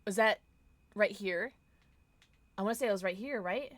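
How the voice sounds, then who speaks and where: A woman streaming a horror game live, chatting with her viewers, thanking them and reacting loudly to scares. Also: medium pitch, moderate pace, long pauses, dry recording.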